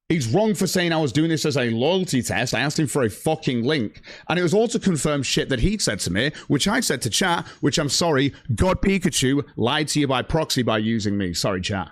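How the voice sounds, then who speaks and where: A man's voice: mid-range voice, no echo, clean studio sound. A man ranting angrily on his livestream, swearing heavily and reading out chat messages. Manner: profane, heated, reads chat aloud. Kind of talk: angry stream rant.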